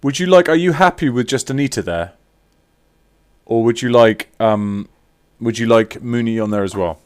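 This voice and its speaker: A man's voice: mid-range voice, normal speed, clean tone, dry recording, clean studio sound. A man chatting casually with viewers on a live stream while signing autographs, teasing and reading out names.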